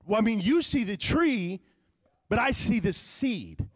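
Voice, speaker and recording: High-voiced preaching man from Texas. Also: sing-song, unhurried, dry recording, studio quality. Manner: swings from loud preaching to quiet asides; conversational, humorous, with many fillers. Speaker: pastor. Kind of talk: live sermon. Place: church sanctuary.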